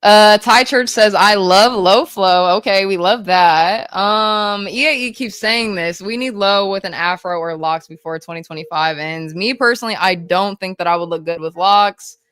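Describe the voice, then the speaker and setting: Hyper fast-talking woman streamer. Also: mid-range voice, fairly bright tone, clean tone, dry recording. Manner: hyper, rapid-fire, swears casually. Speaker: livestreamer. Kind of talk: casual livestream chat reading.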